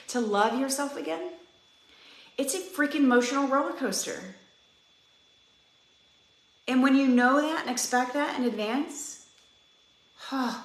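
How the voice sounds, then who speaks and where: A woman in her thirties, a fitness coach, giving an earnest, chatty pep talk to her live-stream viewers and speaking right to them. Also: high voice. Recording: roomy echo.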